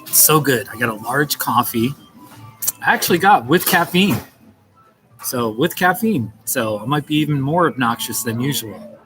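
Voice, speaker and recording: A man's voice: medium pitch, lively intonation, moderate pace, over music, rough recording. A man chatting casually on a live stream from a coffee shop, greeting viewers by name in a playful, chuckling way.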